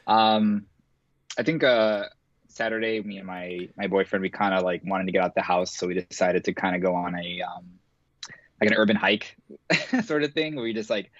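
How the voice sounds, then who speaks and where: A man's voice: sits low, fairly bright tone, no echo. A man, a guest on a podcast, chatting casually over a video call and rambling with lots of fillers and small laughs. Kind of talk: casual chat. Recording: muffled video call audio.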